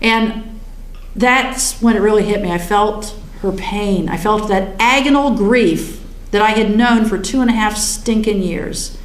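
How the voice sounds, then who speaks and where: A woman telling her own near-death story in a wry, humorous, animated way. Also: mid-range voice, unhurried, roomy sound, low-quality recording. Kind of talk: personal storytelling.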